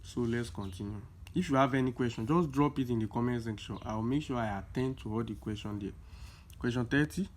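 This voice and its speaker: A man's voice: mid-range voice, a little hiss or hum. A young man, tutoring students through exam questions in a casual lesson, repeating key points with emphasis. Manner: explains slowly with many repeats, emphatic.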